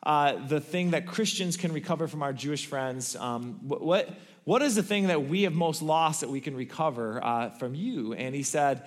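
A man's voice: medium pitch, normal speed. A man giving a sermon, telling a story in a conversational way with many fillers. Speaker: pastor.

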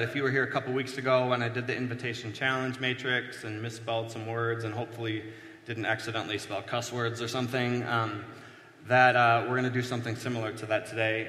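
Bright-voiced male pastor in an echoey hall. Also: medium pitch. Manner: conversational, self-deprecating, many fillers. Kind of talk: casual sermon teaching at a whiteboard. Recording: echoey hall with long reverb.

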